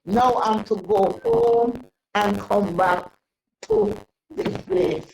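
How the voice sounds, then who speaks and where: An older woman telling a long personal story in an interview, rambling and halting with many restarts. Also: mid-range voice, very animated, vocal fry, darkish tone, slight background noise, rough recording. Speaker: interview guest. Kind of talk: casual storytelling.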